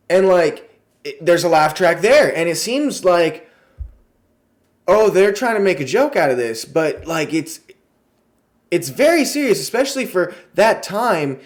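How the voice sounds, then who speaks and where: A man with a slightly high voice giving a casual, chatty review of a TV show. He talks excitedly, swears freely and fills his sentences with fillers. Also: a little slow.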